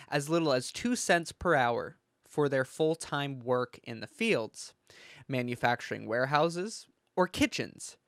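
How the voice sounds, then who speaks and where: A man's voice: mid-range voice, a bit bright, no echo, studio quality. A man delivering a heated, profane and sarcastic ranting commentary. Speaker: political commentator.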